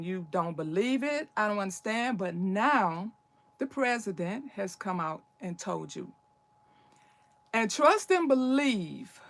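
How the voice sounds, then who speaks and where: An older woman hosting a casual livestream, talking in an urgent, preachy, emphatic way. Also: mid-range voice. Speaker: livestream host.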